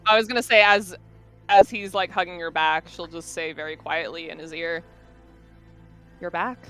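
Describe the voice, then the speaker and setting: A woman player describing her character's actions, softly and with some hesitation. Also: fairly low pitch, little pitch movement, brisk, clean tone, soft background music.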